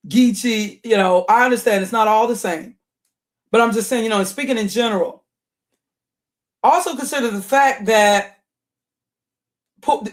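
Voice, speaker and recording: Rambling woman talking through her views. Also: medium pitch. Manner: rambling, thinking aloud with many fillers and restarts; reads aloud from a search result on screen. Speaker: commentary channel host. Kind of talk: casual opinion commentary.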